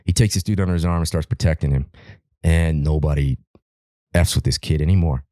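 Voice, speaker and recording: A man from Alaska with an extremely deep, dark and mellow voice tells a long story on a podcast. He rambles, swears freely and keeps restarting his sentences. The recording is dry and close. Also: a little fast, dry recording. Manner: rambling, profane, repeats words and restarts often. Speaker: podcast guest, wildland firefighter.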